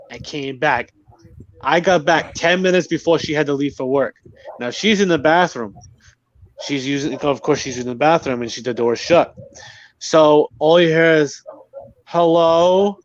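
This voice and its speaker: A man from Rhode Island telling a story among friends in casual chat, swearing freely and with lively delivery. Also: on the high side, measured pace, dull audio.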